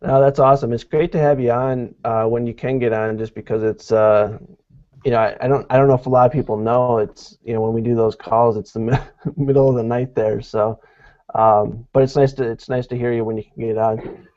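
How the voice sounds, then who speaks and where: A man co-hosting a team video call, talking in a halting, casual way with many fillers. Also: mid-range voice, fairly even intonation, mellow. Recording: dull lo-fi call audio.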